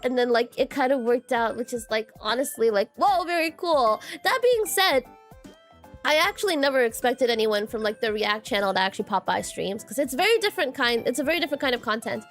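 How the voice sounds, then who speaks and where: A woman's voice: a little high, animated, a little fast, a bit bright, faint music behind. A woman streaming as a VTuber, chatting casually with viewers, giggly and full of filler words and repeated phrases. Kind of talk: casual livestream chat with viewers.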